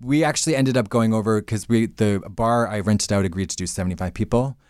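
A man's voice: fairly low pitch, fairly quick, a little mellow, clear, resonant tone, no echo, studio quality. A man co-hosting a podcast in casual chat, talking in a rambling, jokey way. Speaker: podcast co-host. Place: podcast studio.

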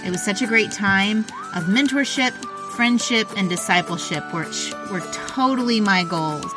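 A woman's voice: mid-range voice, moderate pace, over music. A woman hosting a faith and parenting podcast, talking in an enthusiastic, upbeat way. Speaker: podcast host.

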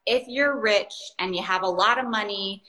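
A woman's voice: mid-range voice, moderate pace, bright, forceful tone, rough recording. A woman podcast host and coach in casual chat, effusive and enthusiastic, laughing easily.

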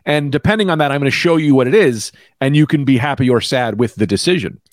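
A man's voice: mid-range voice, fast talker, no echo, clean studio sound. A man co-hosting a casual chat over a remote call, telling rambling stories and swearing freely. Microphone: remote call mic.

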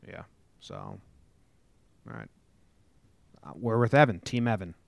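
A New Jersey man with a fairly low, very animated voice hosts a casual sports talk podcast, speaking a little slowly with vocal fry on a dry recording. He's a rambling storyteller who swears freely and acts out the quotes in his tales.

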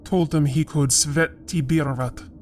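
Lady putting on a low gruff guy, smug and brooding, clipped broken english, slow-ish. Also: fairly even intonation, a little mellow, slight background noise. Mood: sulky. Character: brooding Russian man, blunt and smug.

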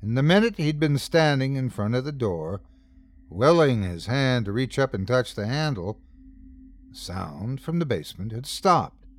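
A male horror storyteller reads in an unhurried, deliberate way, drawing each line out. His pitch rises and falls expressively as he builds dread and voices the creeping thumps of the tale himself. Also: very animated. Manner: dramatic, voicing repeated thumping sounds. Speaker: podcast host and narrator. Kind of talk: scripted horror story narration.

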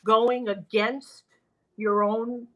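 An older woman broadcaster telling animated stories from her career in an interview, often quoting other people. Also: on the high side, very slow, narrow, tinny audio. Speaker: guest broadcaster. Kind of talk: storytelling in a podcast interview.

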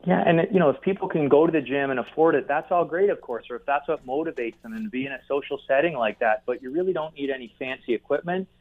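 A man being interviewed as a guest expert, explaining in a measured way. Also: medium pitch. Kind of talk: interview answers. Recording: tinny phone line.

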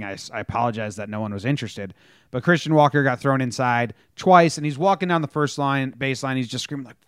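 A man's voice: medium pitch, no room sound, studio quality. A man co-hosting a casual sports podcast, retelling game moments and acting out the players' lines. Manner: animated storytelling, acts out quotes. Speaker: podcast co-host.

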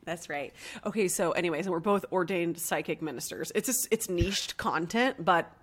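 A woman's voice: fairly low pitch, normal speed. A woman guest on a podcast, telling rambling stories and giggling as she chats casually with a friend. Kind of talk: casual chat between friends.

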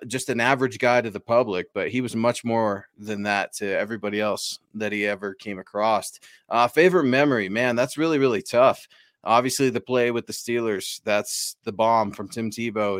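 A man's voice: on the low side, dry recording, studio quality. A man co-hosting a casual sports podcast, talking in an earnest, reflective way and reading out viewer comments. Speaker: podcast co-host.

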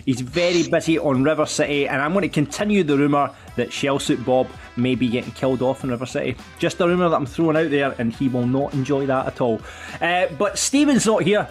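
A man hosting a podcast, teasing his guests with jokey introductions. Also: on the high side. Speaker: podcast producer and stand-in host.

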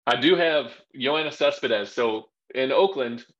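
A man's voice: medium pitch, measured pace, a bit bright. A man co-hosting a podcast, telling loose, rambling stories in casual chat. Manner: loose, rambling storytelling with fillers. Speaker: podcast co-host, former pitcher. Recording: dull lo-fi sound.

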